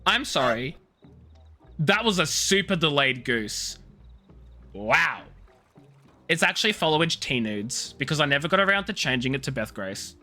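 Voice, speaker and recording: A man's voice: a little high, very animated, unhurried, pauses often, pushed and bright, soft background music. A young man chatting casually with viewers while streaming a game, teasing and rambling with many restarts. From Australia. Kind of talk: casual live-stream chat.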